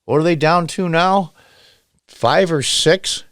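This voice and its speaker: A man's voice: a little high, takes it slowly, no room sound, clean studio sound. Sarcastic middle-aged man hosting commentary. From upstate New York. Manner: sarcastic, lively, emphatic. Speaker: political commentary host. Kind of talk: opinionated solo commentary.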